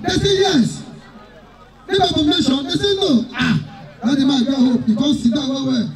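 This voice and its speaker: A man with a Nigerian accent emceeing a wedding live, joking and telling stories with bursts of shouting. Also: very high voice, moderate pace, gravelly, rough recording. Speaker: wedding master of ceremonies. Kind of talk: live event emceeing to a crowd. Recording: loud wedding crowd behind.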